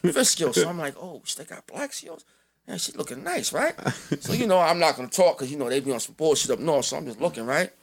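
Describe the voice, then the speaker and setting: A man guest on a podcast, telling a story in an animated way, acting out other people's lines and laughing as he talks. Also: on the high side, quick pace, gravelly. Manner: laughs often while telling. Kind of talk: casual storytelling.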